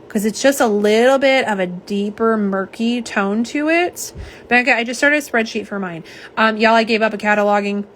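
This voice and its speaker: Reading viewer comments aloud, a woman casually hosts a live nail polish unboxing and swatching chat. Her voice is mid-range and a bit bright, and some slight background noise comes through.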